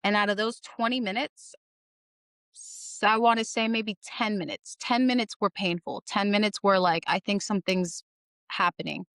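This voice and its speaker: A woman's voice: medium pitch, normal speed, fairly bright tone, clear, resonant tone, dry recording, studio quality. A young adult woman, a podcast guest, telling her story in casual, earnest speech and repeating phrases for emphasis.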